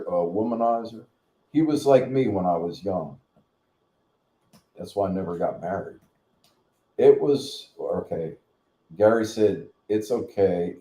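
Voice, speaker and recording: Casting note: middle-aged male host, slow unhurried blunt rant, dark mellow tone, echoey room. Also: lowish voice. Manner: blunt, profane, rambling. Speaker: channel host. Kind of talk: casual rant.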